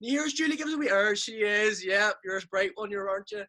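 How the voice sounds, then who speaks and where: A man's voice: sits high, lively intonation, quick pace, sharp tone. A man playing a showy Northern Irish radio presenter who hypes everything up, with a Northern Irish accent. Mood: hyped. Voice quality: showy, hyped-up. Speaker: comic performer.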